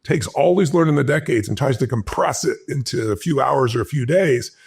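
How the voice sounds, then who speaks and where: Gravelly, husky man telling a fast story. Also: mid-range voice, expressive, a little mellow. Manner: fast, intense, acts out the dialogue in his anecdotes. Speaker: motivational speaker. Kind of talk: animated personal storytelling.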